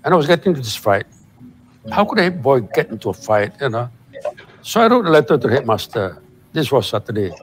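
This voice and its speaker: A man's voice: medium pitch, rough recording. A man, a college alumnus, telling a school story dramatically and acting out the people in it. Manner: animated, dramatic storytelling with quoted voices.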